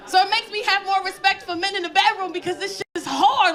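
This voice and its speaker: High-voiced woman doing loud stand-up. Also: quick pace, hardly any pauses. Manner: loud, animated, profane storytelling. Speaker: stand-up comedian. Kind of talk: stand-up comedy set. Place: comedy stage before a live audience. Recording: live stage with crowd laughter.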